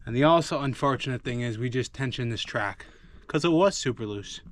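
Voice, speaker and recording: A man's voice: medium pitch, expressive, normal speed, pauses often, fairly bright tone. A man giving casual running commentary while repairing farm machinery, joking and poking fun at himself as he thinks aloud. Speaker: farm vlogger doing equipment repairs. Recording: noisy shop background.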